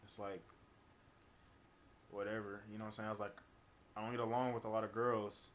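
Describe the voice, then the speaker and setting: A man's voice: lowish voice, little pitch movement, brisk, slight background noise. A young man streaming live, telling a personal story in a rambling, casual way full of fillers and swearing. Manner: rambling, heavy on fillers and profanity.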